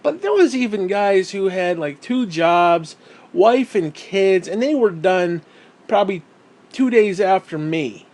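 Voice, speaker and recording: A man's voice: high-pitched, lively intonation, a little slow, a little mellow. A man ranting heatedly about a video game at home, swearing constantly in an angry, profane tirade. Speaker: gaming YouTuber. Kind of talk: angry gaming rant.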